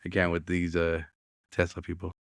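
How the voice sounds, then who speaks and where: A man's voice: low-pitched, monotone, moderate pace, gravelly, no echo. A man co-hosting a casual comics podcast, rambling and joking, slipping into silly voices now and then. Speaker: podcast co-host. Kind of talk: casual chat.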